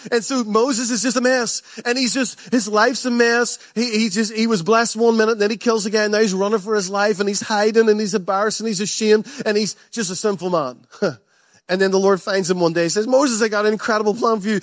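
A man's voice: high voice, no room sound, studio quality. A man preaching a passionate sermon to a church, repeating phrases and chuckling often. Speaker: pastor.

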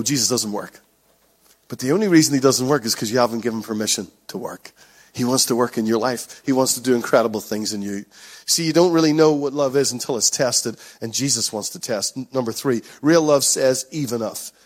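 A middle-aged man preaching a sermon as pastor, earnest and emphatic, repeating his key lines. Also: on the high side.

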